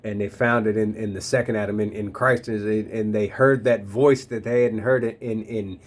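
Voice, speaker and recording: A man's voice: lowish voice, steady tone, normal speed, slight background noise. A man in his thirties reflecting on faith in a loose, slangy, rambling way, talking straight to his listeners. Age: 30s. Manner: addresses listeners directly. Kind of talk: casual spoken reflection on faith.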